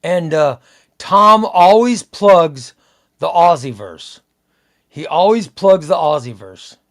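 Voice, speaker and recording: A man's voice: on the high side, expressive, slow, fairly bright tone. A man hosting a casual live stream, chatting loosely, repeating himself and reading out viewer comments. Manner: rambling, repeats himself, reads out chat comments.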